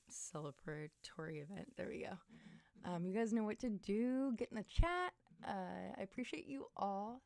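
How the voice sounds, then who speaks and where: A woman's voice: lowish voice, dry recording. Tired, chatty woman livestreaming. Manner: chatty and excitable, jumps between topics. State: tired, losing her voice. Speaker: livestream host. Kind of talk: casual livestream chat. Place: small room at home.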